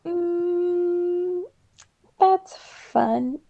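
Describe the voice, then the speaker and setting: A woman's voice: extremely high pitch, extremely slow, gravelly. A woman playing in a tabletop game, speaking lightly and playfully. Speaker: player. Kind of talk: casual tabletop play. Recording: dull lo-fi mic.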